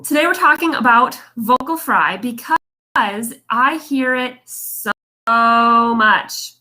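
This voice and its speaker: A young adult woman teaching voice care in a relaxed livestream, talking to viewers in a chatty, encouraging way. Her voice is bright and sits a little high. She sounds like she is speaking into a phone or webcam. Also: slow. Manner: chatty, encouraging, demonstrates vocal fry. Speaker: vocal coach. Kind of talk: casual livestream lesson.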